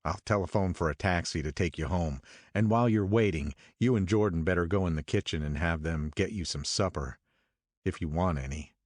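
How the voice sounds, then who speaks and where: A man reading an audiobook, voicing a brusque, commanding wealthy man with gruff authority. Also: deep voice, a little fast, dry recording, studio quality. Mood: grave. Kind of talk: audiobook character voice.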